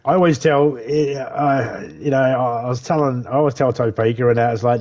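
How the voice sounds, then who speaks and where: A man's voice: mid-range voice, fairly even intonation, normal speed, hardly any pauses, a little mellow. A man chatting casually on a live game stream, swearing freely, laughing often and rambling. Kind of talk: casual gaming chat. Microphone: headset.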